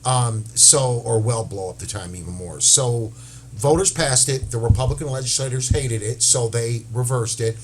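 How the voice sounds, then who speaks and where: A man's voice: mid-range voice, moderate pace, slight background noise. A man on a talk show panel explaining a long back-and-forth history, with hesitations. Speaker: panel guest.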